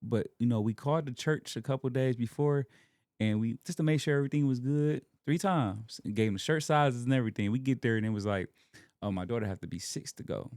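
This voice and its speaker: A young man from Alabama appears as a podcast guest, speaking earnestly and emotionally about his faith and family in a casual, heartfelt conversation. His mid-range voice is fairly quick with a darkish tone, and the studio recording is clean with no echo.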